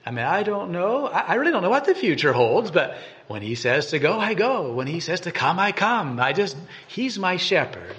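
Earnest man giving a lively sermon. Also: moderate pace, few pauses. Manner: earnest, repeats and restarts words, rises in pitch for emphasis. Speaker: preacher. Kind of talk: devotional sermon with scripture reading.

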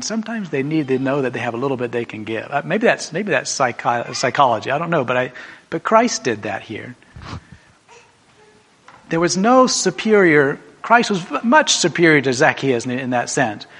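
A man preaching a sermon, telling a story emphatically and swinging from a hushed voice to a raised one. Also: a little high, husky.

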